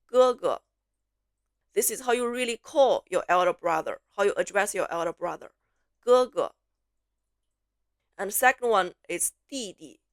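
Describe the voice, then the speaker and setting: A woman teaching pronunciation, slowly repeating syllables and words for learners to copy, switching between English explanations and drills. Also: medium pitch, expressive, dry recording, clean studio sound. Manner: slow, clear repetition, drawn-out syllables for learners. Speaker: Mandarin teacher.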